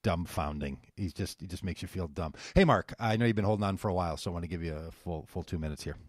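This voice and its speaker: A man's voice: sits low, quick pace, dry recording, studio quality. A man hosting a political talk radio show, delivering an impassioned, sarcastic monologue and taking calls.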